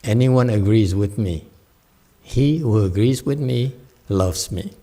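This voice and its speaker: A man's voice: fairly low pitch, slow, warm tone. A man teaching meditation, answering a student's question in a playful, teasing way, acting out little voices and laughing. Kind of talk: teaching talk with Q&A.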